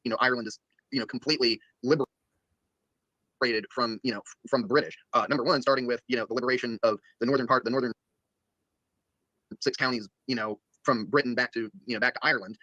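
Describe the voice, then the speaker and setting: A man's voice: mid-range voice, steady tone, a little fast, bright, forceful tone, dry recording, highs cut off. A man discussing politics on a stream, rambling with constant "you know" fillers.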